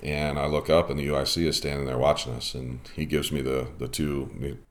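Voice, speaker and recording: A man with an extremely low, deep voice talks casually on a podcast, drifting through a long story with plenty of ums and restarts. He sounds like an umpire swapping stories with a friend. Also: little pitch movement, brisk. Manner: rambling storytelling with many fillers. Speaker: podcast host and softball umpire.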